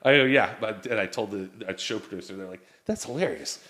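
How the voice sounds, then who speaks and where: A man in his forties with a bright, forceful voice tells rambling family stories in casual chat. He acts out every quote, and the room around him rings with echo. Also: on the low side, quick pace. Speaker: guest.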